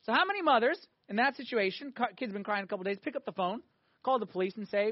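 Male priest, high voice, animated sermon, dull dry lo-fi recording. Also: fast, no echo. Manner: animated preaching, swinging between loud emphatic peaks and quiet asides.

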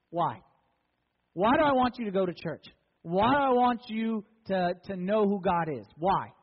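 A man preaching a sermon in a church, repeating key words for emphasis. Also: high-pitched. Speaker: pastor. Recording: dull, echoey church recording.

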